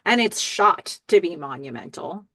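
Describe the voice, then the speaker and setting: A woman hosting a podcast, casually recapping a TV episode and musing aloud with fillers and quick laughs. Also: lowish voice, lively intonation, fairly bright tone, no room sound. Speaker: podcast host.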